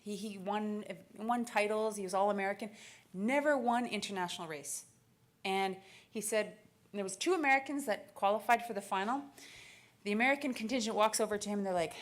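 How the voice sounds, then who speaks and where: A woman in her thirties from Canada speaks from a conference stage in a middle-pitched voice. She tells her story with lively energy, laughing often and acting out the dialogue. Her delivery is a keynote address told like a personal anecdote. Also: brisk. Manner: animated, laughing, acts out dialogue. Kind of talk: storytelling speech.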